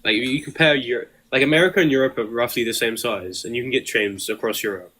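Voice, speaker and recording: British caller, quick and bright, argues point by point. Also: male voice, medium pitch. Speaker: debate caller. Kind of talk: casual debate.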